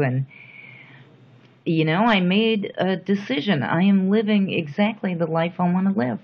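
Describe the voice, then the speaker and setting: A middle-aged woman speaking softly and reflectively in a personal interview, with thoughtful pauses. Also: medium pitch. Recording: dull lo-fi recording.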